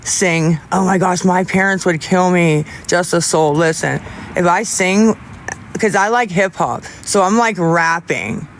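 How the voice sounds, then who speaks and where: Rambling young man, halting, slightly high. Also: a little hiss or hum. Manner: rambling, halting, with many restarts. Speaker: livestreamer. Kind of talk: casual livestream chat with viewers.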